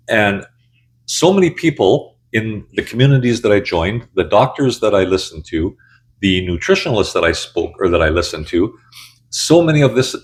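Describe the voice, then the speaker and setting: A man in his sixties telling his own story to camera in a candid, blunt, conversational way. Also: lowish voice. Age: 60s. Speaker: channel host. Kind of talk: casual personal storytelling.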